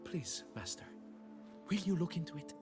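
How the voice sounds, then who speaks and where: Game role: shrill, excitable, penny-pinching foreman, fussy and wheedling. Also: moderate pace, music in the background. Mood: pleading. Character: flustered, stingy middle-aged male quarry foreman. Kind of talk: video game dialogue.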